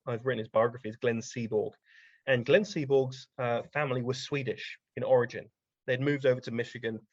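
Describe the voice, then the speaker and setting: A man's voice: medium pitch, dry recording. A man, a guest on an interview show, telling anecdotes in a casual, rambling way with frequent ums. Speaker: guest science writer. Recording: dry, slightly dull podcast audio.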